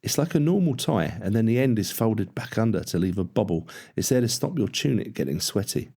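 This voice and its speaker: A deep-voiced man reads a friendly, plump young kitchen lad in an audiobook. He sounds easygoing and matter-of-fact, and his talk is blunt and casual. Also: lively intonation, brisk, gravelly, dark tone, slightly rough, heavily acted. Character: friendly tubby young male kitchen hand.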